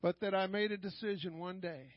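An older man leading fervent prayer and preaching at a church service, often shouting and repeating lines of praise. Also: high-pitched, fairly even intonation, fairly quick, dry recording, dull audio.

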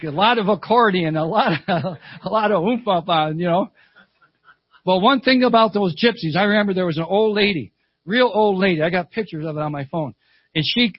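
An older male preacher delivers a sermon at a church service, spinning stories and repeating lines for emphasis. His voice sits high for a man. The recording is dull and close, with little room sound. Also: slightly rough, no echo. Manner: fervent storytelling preacher, repeats phrases, calls "Amen".

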